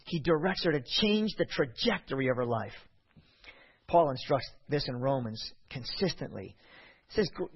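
A man preaching a sermon, reading scripture aloud and acting out the voices with an expressive delivery. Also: on the high side, breathy edge, dull audio.

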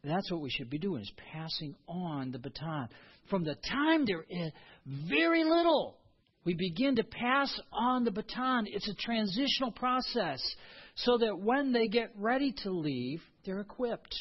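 A man's voice: high voice, animated, a little slow, breathy edge, dull audio. A man preaching a sermon as a pastor, earnest and emphatic.

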